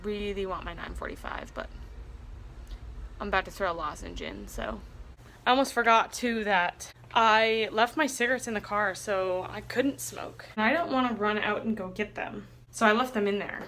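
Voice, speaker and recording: A woman's voice: medium pitch, normal speed, fairly bright tone, slight background noise, low-quality recording. A young woman talking candidly in a personal vlog diary, rambling and confessional. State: near tears, anxious. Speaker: vlogger.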